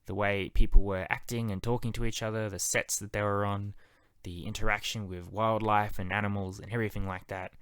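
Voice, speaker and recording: A man's voice: lowish voice, level tone, a little fast, fairly bright tone, clear, resonant tone, no room sound. A man reviewing a TV series in a casual, enthusiastic, conversational monologue. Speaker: TV show reviewer.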